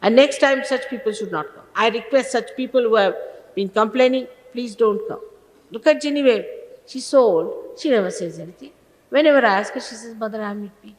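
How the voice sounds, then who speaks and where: A woman's slightly high voice with lively intonation moves a little fast as she scolds her followers. She's a spiritual teacher giving an emphatic, admonishing sermon, preserved in an old archival recording full of long reverb and faint hiss.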